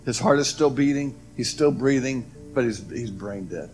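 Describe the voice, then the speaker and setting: A man telling a personal testimony story, swinging between loud emphatic lines and hushed, low ones. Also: moderate pace, soft background music. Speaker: testimony speaker.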